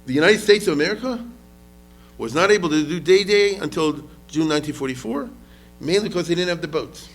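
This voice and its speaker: A man's voice: a little high, expressive, a little fast. A man lecturing on history as a rabbi, talking casually, often asking the audience questions and mixing in Hebrew words.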